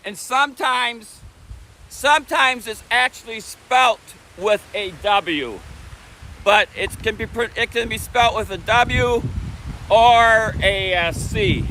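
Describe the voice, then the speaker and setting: Middle-aged guy streaming outside on his phone, super high voice, chatty, repeats stuff, faint traffic and wind behind. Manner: chatty, repeats himself, greets and answers chat. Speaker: live streamer. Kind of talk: casual outdoor live stream. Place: outdoors on a beach by a busy bridge. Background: traffic and wind noise.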